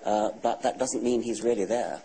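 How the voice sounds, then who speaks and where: A man in his sixties with an English accent, a guest author answering questions in a TV studio interview in a measured, dry, matter-of-fact way. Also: on the low side, gravelly, warm tone, slight background noise, rough recording. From England. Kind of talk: TV talk show interview.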